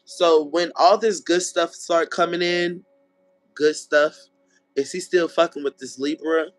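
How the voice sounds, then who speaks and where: A man giving a casual tarot reading. He talks bluntly and swears, and he acts out what people might say. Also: fairly high pitch. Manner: animated, acts out people's lines in quick voices; blunt and profane, checks in with "okay?". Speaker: tarot reader.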